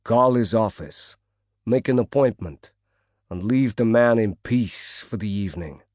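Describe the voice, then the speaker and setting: A man puts on a burly bodyguard with a Brooklyn accent, gruff and short with people. He growls his words out, clipped and flat. The recording is dry and close. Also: fairly low pitch, unhurried, no room sound, natural voice. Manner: growling, curt.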